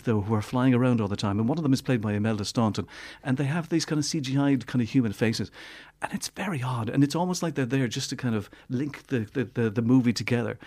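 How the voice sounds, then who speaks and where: A man giving a film review on a radio show in an animated way, often repeating words as he searches for the next one. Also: mid-range voice. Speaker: movie reviewer.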